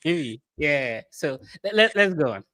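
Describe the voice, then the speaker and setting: A host runs a casual podcast interview. The talk is chatty and joking, with frequent interruptions, at a middle pitch. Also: sing-song, measured pace, fairly bright tone. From Nigeria.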